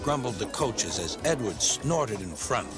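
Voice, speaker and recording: Male narrator for a children's cartoon storybook, wide swooping pitch, over a music score. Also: sing-song, a little slow.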